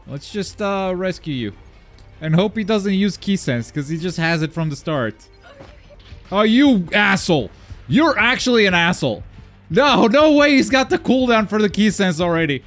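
Excitable man doing live gameplay commentary. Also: sits high, normal speed, faint music behind. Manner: excitable, swings from mumbled asides to loud yelps. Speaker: gaming YouTuber.

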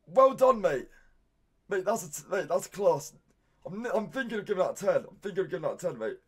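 A British man streaming live, reacting to viewers' meals with excited outbursts and constant "mate". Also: high-pitched, a little fast.

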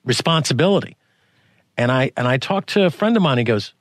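A man hosts a podcast, talking through long winding questions with lots of restarts. His voice sits at a middling pitch and jumps up when he reaches for a point. The sound is dry and close. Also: animated, fairly quick, no room sound. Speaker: podcast host. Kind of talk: conversational interview.

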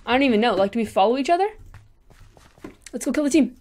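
A woman giving live gameplay commentary as a channel host, excitable and chattering to herself while taunting opponents. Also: on the high side, fast.

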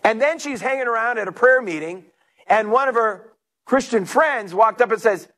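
High-voiced storytelling male pastor. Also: moderate pace. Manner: storytelling preacher, animated, acts out quotes. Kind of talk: sermon.

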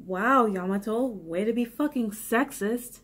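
A tipsy woman voicing a sharp-tongued, hostile teenage girl who snaps and sneers sarcastically. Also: fairly high pitch, measured pace, slightly rough. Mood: snappish. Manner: snapping, sarcastic.

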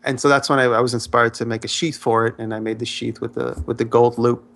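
A man co-hosting a podcast, telling a long, rambling story in casual chat, his voice jumping up in pitch when he gets excited. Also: quick pace, vocal fry. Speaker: podcast co-host.

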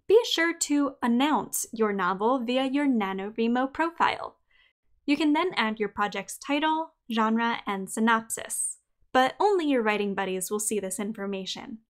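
A young adult woman hosting a podcast, reading a scripted episode in an upbeat, clearly enunciated way. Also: a little high. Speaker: podcast host.

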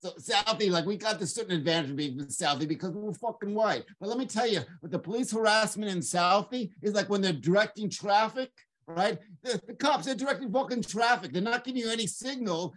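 A man's voice: sits high, brisk, hardly any pauses. An older man from Boston with a Boston accent, talking as a guest author in a casual, teasing chat full of swearing. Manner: animated, profane, teasing.

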